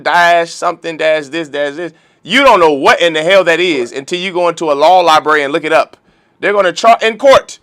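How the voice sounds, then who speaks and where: A man's voice: high voice, bright, forceful tone. A man teaching a religious law class, preaching emphatically and firing off rhetorical questions. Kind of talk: lecture-style sermon.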